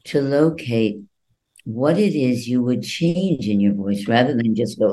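Male voice coach guest, unhurried, acts out quoted voices, dark mellow timbre. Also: medium pitch, animated, poor audio. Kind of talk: interview answers.

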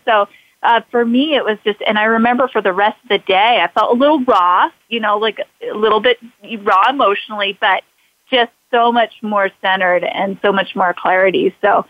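A woman's voice: medium pitch, normal speed, no echo, muffled recording. A woman hosting an interview, telling a personal story with frequent fillers and restarts. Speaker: podcast host. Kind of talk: conversational interview.

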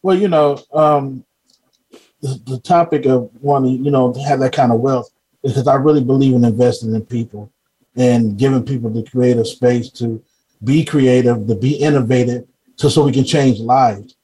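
A man's voice: mid-range voice, fairly even intonation, moderate pace, warm tone, low-quality recording. A man guest speaking sincerely and chuckling easily. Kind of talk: casual talk on a show.

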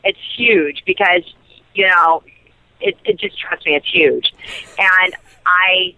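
A woman guest in a casual interview, an excitable storyteller who laughs and jumps high in pitch. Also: takes it slowly, no room sound, dull audio. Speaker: interview guest, soap actress.

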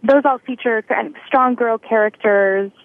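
A woman's voice: fairly high pitch, moderate pace, no echo. Woman author on a tinny phone line. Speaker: author guest. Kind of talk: interview answers.

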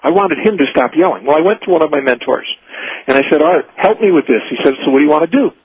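A man's voice: on the high side, lively intonation, fast, husky, no room sound. A middle-aged man giving a guest talk on a radio show, earnest and explaining his ideas point by point. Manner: earnest, teaching in numbered points. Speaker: leadership speaker guest. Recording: muffled dry radio broadcast audio.

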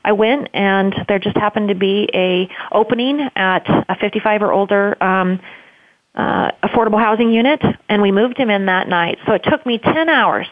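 A woman's voice: mid-range voice, normal speed, no room sound. Earnest woman on a tinny phone line. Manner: earnest, rambling with many fillers. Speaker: homeless shelter director. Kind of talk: storytelling in a phone-in interview.

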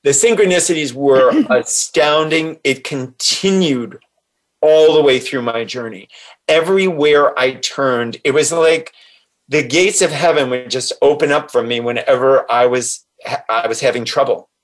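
A man speaks as an interview guest, recounting his own experience with rising excitement. His voice sits at an ordinary middle pitch, and the telling is lively and eager. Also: unhurried. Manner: animated, excited storyteller. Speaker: guest, author. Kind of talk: personal storytelling.

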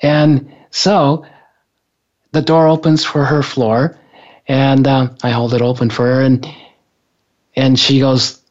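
A man's voice: mid-range voice, flat delivery, slow pace, long pauses, darkish tone. Hesitant man telling a story, dull sound. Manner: rambling, hesitant, frequent restarts and "uh". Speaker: guest telling a personal story. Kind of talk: casual storytelling. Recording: dull lo-fi recording.

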